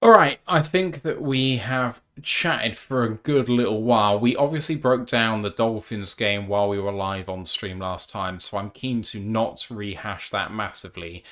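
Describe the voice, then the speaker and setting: A man's voice: on the low side, normal speed, hardly any pauses, a bit bright. British man, podcast host, emphatic, opinionated, casual live chat.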